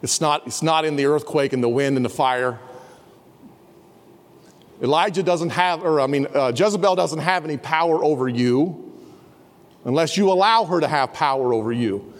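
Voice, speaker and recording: A man's voice: normal speed, long pauses. Man preaching in a reverberant hall. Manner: earnest, drops to a soft low voice for quiet passages. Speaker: pastor. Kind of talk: sermon. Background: students in a campus service.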